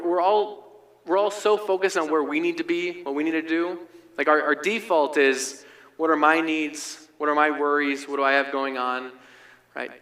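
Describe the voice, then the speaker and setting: A pastor preaching a sermon in a relaxed, conversational way, often checking in with "right?". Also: male voice, a little high. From United States. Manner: conversational, frequent "right?" asides.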